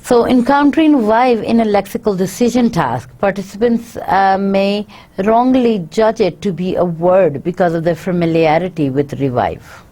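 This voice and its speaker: A woman's voice: medium pitch, moderate pace, warm tone. A woman lecturing, reading each point and then explaining it again in her own words, with frequent fillers. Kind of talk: university lecture, reading and paraphrasing.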